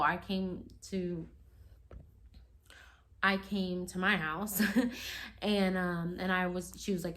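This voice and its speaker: A woman telling a personal story in a casual, rambling way, full of "like" and "you know", and acting out what others said. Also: lowish voice. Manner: acts out quoted lines in a raised voice. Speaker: storytime vlogger.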